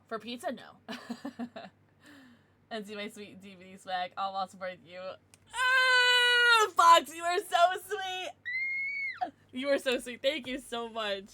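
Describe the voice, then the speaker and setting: A woman's voice: mid-range voice, a bit bright. A young American woman chatting casually on a livestream, giggly and bubbly as she greets viewers and reads out chat.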